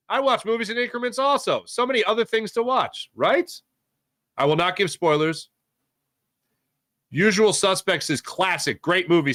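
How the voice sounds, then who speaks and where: A sports talk show host with a fairly high, bright, forceful voice rambles and cracks jokes on a casual live stream, reading chat comments aloud and reacting to the names. The recording is dry and studio quality.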